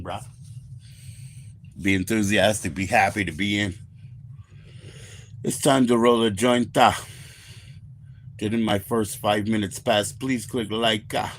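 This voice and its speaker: A man's voice: fairly low pitch, fairly even intonation, slow pace, long pauses, slight background noise, rough recording. A man in his forties rambling and swearing casually as he hosts a livestream from his kitchen and talks to viewers. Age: 40s. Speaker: livestream host. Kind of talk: casual livestream chat while cooking. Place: home kitchen.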